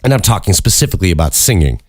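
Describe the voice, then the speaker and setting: Male podcast host, deep voice, dry booth sound, loose swearing ramble. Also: big pitch swings, very fast, husky, dry recording. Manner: candid, profane, rambling with frequent restarts. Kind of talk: casual solo podcast talk.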